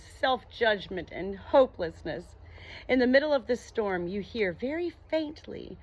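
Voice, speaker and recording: A woman reading an audiobook aloud in a calm, measured way, addressing the listener as you. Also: mid-range voice. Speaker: audiobook reader. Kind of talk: audiobook narration.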